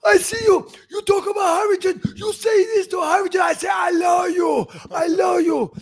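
A man doing an impression of an excitable adult male fighter, shouting and repeating short phrases. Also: very high-pitched, normal speed, pitched above the performer's own voice. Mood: exuberant. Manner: loud, emphatic, repeating phrases.

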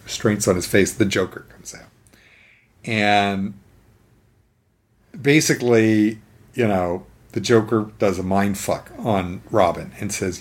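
A man telling a story in casual chat, animated, using many fillers and acting out the scenes. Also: lowish voice, moderate pace, slightly rough.

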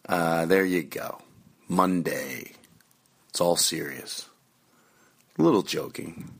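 A man's voice: low voice, expressive, measured pace, husky, dry recording. A man hosting his podcast, rambling through plugs and announcements in a loose, self-mocking way. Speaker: podcast host. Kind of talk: casual podcast intro.

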